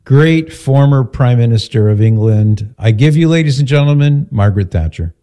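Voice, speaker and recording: A man's voice: medium pitch, lively intonation, moderate pace, warm tone. A man hosting a radio talk show, joking and teasing his co-host in casual banter.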